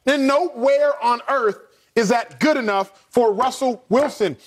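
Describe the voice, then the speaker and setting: A man's voice: very high voice, a little slow, slight background noise. A man hosting a sports talk show, ranting emphatically with rhythmic repetition as he leads the debate.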